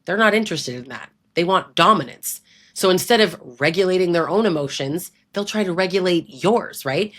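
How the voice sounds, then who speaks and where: Host-style woman, slightly low voice, direct and emphatic, talking frankly to her viewer. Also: a bit bright. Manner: emphatic, blunt, conversational with frequent "right?". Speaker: relationship abuse educator. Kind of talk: direct-to-camera advice talk.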